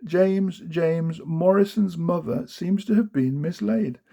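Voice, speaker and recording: A man's voice: high voice, takes it slowly, gravelly, dark tone, highs cut off, full character voice. A man voicing a pompous old storybook king reading out a formal notice. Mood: proclaiming.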